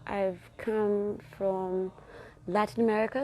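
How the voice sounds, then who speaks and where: A woman talks alone on her podcast in a relaxed, conversational monologue. Her voice is mellow and warm rather than bright, with a middle pitch for a woman. She speaks affectionately and encouragingly, like a pep talk to her listeners. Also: unhurried. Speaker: podcast host. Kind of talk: casual solo podcast monologue.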